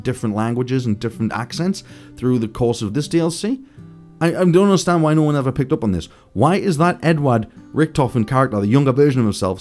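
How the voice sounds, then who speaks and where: A man hosting a gaming video, speculating excitedly about game lore and talking straight to his viewers. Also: mid-range voice. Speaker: gaming channel host. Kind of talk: casual gaming theory commentary.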